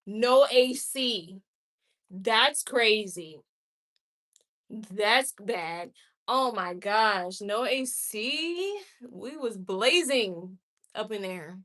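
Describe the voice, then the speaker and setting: Reacting candidly to viewer comments, a woman livestreamer chats casually and peppers her talk with quick laughs and exclamations. Her voice is medium in pitch, bright and forceful.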